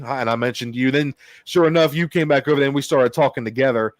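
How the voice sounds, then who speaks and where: Casting note: man with a country twang, mid pitch, profane and rambling livestream host, dry close mic. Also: quick pace, hardly any pauses, no echo. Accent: Southern US country twang. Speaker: show host. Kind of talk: casual livestream chat.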